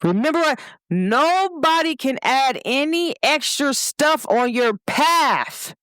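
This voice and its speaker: Lively woman hosting a pep talk. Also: high voice, slow, dry recording, clean studio sound. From Cincinnati, Ohio. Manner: lively, repetitive, speaks directly to listeners with "y'all". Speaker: host. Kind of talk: casual motivational talk to viewers.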